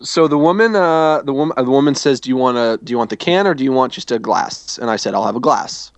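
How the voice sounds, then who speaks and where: A man's voice: medium pitch, lively intonation, fast, no room sound. A man telling a long, meandering travel story in casual chat, often restarting his sentences. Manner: rambling, self-correcting storytelling.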